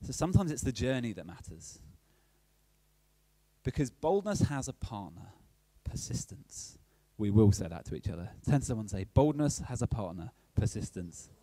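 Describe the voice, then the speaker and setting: Animated preacher, lively pitch. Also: male voice, normal speed, no echo. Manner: chatty and playful, keeps checking in with the audience. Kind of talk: sermon.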